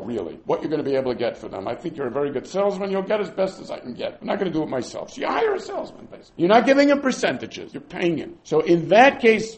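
Lively higher-voiced man teaching Talmud. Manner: explains with acted-out buyer and seller examples, mixing Hebrew terms. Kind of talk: Talmud class lecture.

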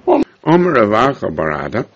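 A man teaching a Talmud class, explaining verses in a lively way with frequent chuckles, on a dull lo-fi recording. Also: fairly low pitch, brisk.

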